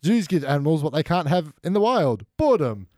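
A podcast guest with a lively, bouncing pitch, a man quoting lines in playful put-on voices. His talk sounds dry and close, with no room echo. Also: fairly quick. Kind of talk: casual chat.

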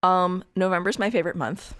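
A woman's voice: on the low side, fairly even intonation, fairly quick, fairly bright tone, clean tone, no echo, clean studio sound. A woman co-hosting a podcast in casual chat, playful and teasing. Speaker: podcast co-host.

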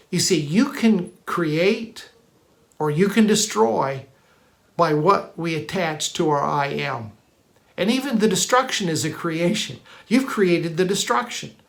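A preacher delivering a sermon teaching, with emphatic, repetitive declarations and frequent restarts, shifting between quick bursts and slow, drawn-out emphasis. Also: medium pitch, gravelly.

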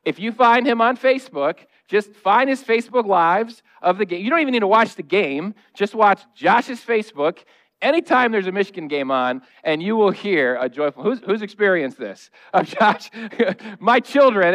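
This is a high, expressive male voice at normal speed with a fairly bright tone. A thirty-something pastor, he preaches in a church sanctuary in a conversational, funny style, imitating noises and acting out quotes.

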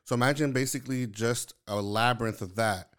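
A man's voice: mid-range voice, a little fast, a bit bright. A man from New York chatting casually, rambling and searching for his words with lots of fillers. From New York, Lower East Side Manhattan. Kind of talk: casual chat.

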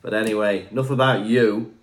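A man's voice: lowish voice, fairly even intonation, fairly quick. A man co-hosting a podcast, chatting in a jokey, casual way. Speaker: podcast co-host. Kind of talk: casual chat.

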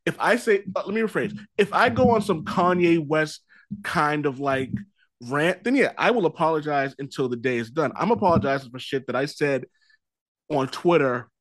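Rambling podcast host who swears casually. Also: male voice, on the high side, lively intonation, normal speed.

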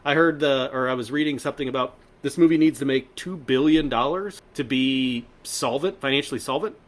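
A man's voice: mid-range voice, a little fast. A man co-hosting a pop-culture podcast in casual chat, rambling with many fillers and restarts. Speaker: podcast co-host.

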